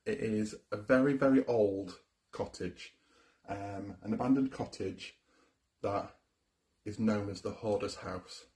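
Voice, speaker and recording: A man's voice: fairly low pitch, unhurried, mellow. A man co-hosting a ghost hunt livestream, welcoming viewers and explaining the equipment set up in an old cottage. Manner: upbeat presenter, explains the setup, laughs easily. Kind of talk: casual livestream presenting. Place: old abandoned cottage, indoors.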